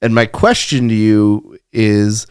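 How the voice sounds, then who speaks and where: A man co-hosting a podcast in casual chat, laid-back and quick to laugh along. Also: fairly low pitch, fairly even intonation, a little mellow, clean tone, no room sound, studio quality. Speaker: podcast co-host.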